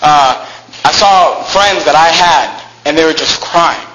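Guy telling a true story from his past, kinda high bright voice, halting, restarts a lot, faint hiss behind. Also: poor audio. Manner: reflective, halting, restarts phrases, slows at heavy moments. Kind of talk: personal story told aloud.

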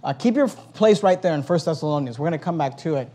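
A man preaching a sermon as pastor, reading scripture aloud and building to loud emphatic stretches. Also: on the high side, animated, quick pace.

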